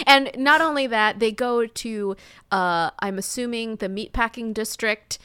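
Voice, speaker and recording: A woman's voice: on the high side, unhurried, a bit bright, clear, resonant tone. A woman co-hosting a podcast, chatting casually about a movie. She is wry, laughs often and swears casually. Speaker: podcast co-host. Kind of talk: casual chat recapping a movie.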